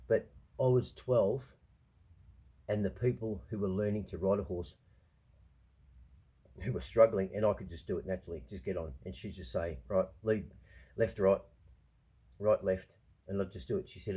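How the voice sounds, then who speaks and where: A man's voice: low voice, mellow, slightly rough. A man talking straight to camera in a rambling personal monologue, swearing often and repeating himself as he defends his feelings. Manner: profane, emphatic, repeats himself; restless, defensive, confiding. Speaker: vlogger.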